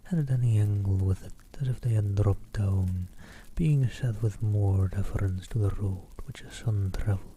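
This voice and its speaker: A man reading a travel book aloud in a soft ASMR whisper, stopping for self-deprecating asides. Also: fairly low pitch, moderate pace, hardly any pauses, husky. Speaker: ASMR streamer.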